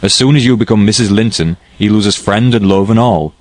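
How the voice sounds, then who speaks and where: A man's voice: on the low side, fairly quick, dry recording, close to an everyday voice. A man voicing a stern, practical woman servant in an audiobook, speaking bluntly and reprovingly. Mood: reproachful. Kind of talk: audiobook character reading.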